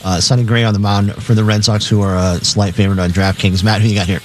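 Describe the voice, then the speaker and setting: A man on sports radio reading out games and betting lines in a matter-of-fact way, with filler pauses. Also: on the low side, flat delivery, faint music behind.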